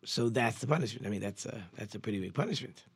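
Delivering a Torah lesson, this rabbi tells it as animated stories full of abrupt pitch jumps and frequent restarts. He talks quickly in a husky voice, with no room sound on the recording.

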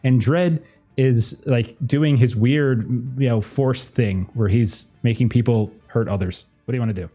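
A man acting as game master, narrating a tabletop game in a vivid, lively way. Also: mid-range voice, measured pace, slightly rough, faint music behind.

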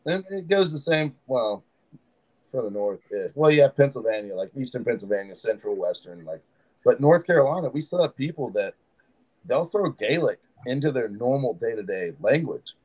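A man's voice: medium pitch, normal speed, muffled recording. A man, a fishing guide telling stories in casual podcast chat and acting out the locals he meets. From Southern United States. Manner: animated storyteller who acts out quoted locals. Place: podcast studio.

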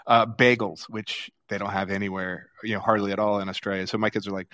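Low-voiced chatty American man. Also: little pitch movement, fast talker, fairly bright tone, dry recording, clean studio sound. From United States. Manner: chatty, rambling with fillers and restarts. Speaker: podcast co-host. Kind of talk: casual chat.

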